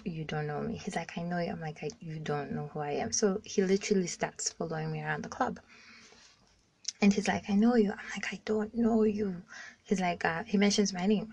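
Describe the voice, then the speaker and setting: A woman's voice: fairly low pitch, a little mellow, breathy edge. A young woman in her twenties from Zambia telling a frank personal story in a casual voice message, talking bluntly, swearing freely and using "like" as a filler often. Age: 20s. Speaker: caller sharing a story. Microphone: phone voice message.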